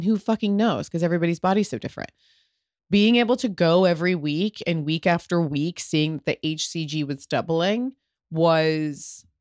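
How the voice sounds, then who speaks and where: A woman's voice: low-pitched, no echo, studio quality. A woman in her thirties hosting a solo podcast, talking frankly and emotionally, swearing freely and filling her speech with "like". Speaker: podcast host. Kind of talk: candid solo podcast talk.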